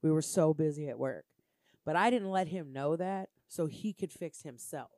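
A woman in casual chat, telling animated, profane stories. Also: sits low, moderate pace, dry recording, studio quality.

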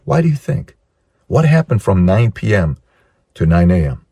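A man's voice: low voice, slightly rough, dry recording, studio quality. A middle-aged man hosting a motivational monologue, emphatic and fond of rhetorical questions. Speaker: host.

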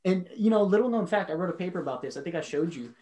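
Male podcast co-host, higher-pitched, casual and rambling, jokey. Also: lively intonation, rapid-fire, dark tone, slight background noise, poor audio. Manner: enthusiastic, rambling, joking. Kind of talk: casual chat.

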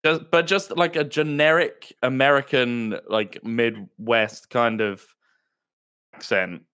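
A man's voice: medium pitch, steady tone, slow, bright, forceful tone, clear, resonant tone. A man chatting casually as a guest on a podcast, talking in a laid-back way full of "like" and "um". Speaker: guest, tabletop role-play player. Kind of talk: casual chat.

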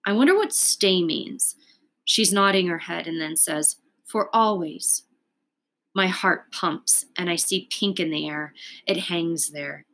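A woman reading a children's book aloud in a calm, unhurried way. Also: on the low side. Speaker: storyteller.

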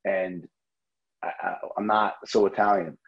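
A man's voice: sits low, a little slow, vocal fry, breathy edge, highs cut off. A man with a New Jersey accent, a restaurant owner chatting as a podcast guest, telling stories animatedly and swearing freely. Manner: animated storyteller, swears freely, repeats words. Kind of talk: casual interview chat.

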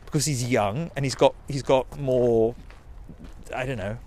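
A man's voice: medium pitch, unhurried, darkish tone, a little hiss or hum. A man, telling a rambling personal story in a sweary, self-mocking way. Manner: sweary, self-mocking, digressive, with quoted put-on voices.

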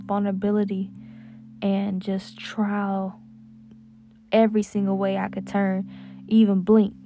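A woman prays aloud with fervent, drawn-out praise, her voice carrying a gravelly fry. She is lying down in a closet, so the sound is close and muffled. Guitar music plays clearly underneath. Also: mid-range voice. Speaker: podcast host. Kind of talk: spoken prayer and testimony. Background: soft guitar music.

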